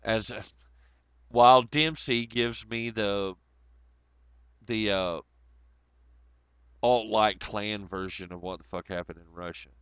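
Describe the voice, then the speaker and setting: A man's voice: fairly low pitch, fairly even intonation, slow pace, pauses often, fairly bright tone, clear, resonant tone, no echo. A man hosting a casual livestream, reading chat comments aloud and rambling in a profane, sarcastic way. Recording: dull lo-fi audio.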